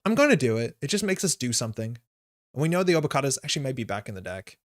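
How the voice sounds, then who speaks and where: Rapid-fire and very animated, this streamer narrates his live card game as he thinks, weighing moves in loose language packed with fillers. He speaks at a middle pitch, recorded dry and close with no room reverb.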